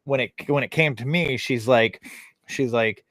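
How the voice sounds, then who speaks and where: A man's voice: mid-range voice, unhurried, a bit bright, dry recording. Casual swearing man telling stories. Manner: loose storytelling, heavy swearing, frequent fillers. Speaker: podcast host. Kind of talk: casual chat.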